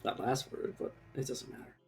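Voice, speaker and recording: A man's voice: moderate pace, a little mellow, faint music behind. A man streaming a game live, rambling casually and mocking himself as he plays, swearing now and then. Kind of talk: casual gameplay commentary.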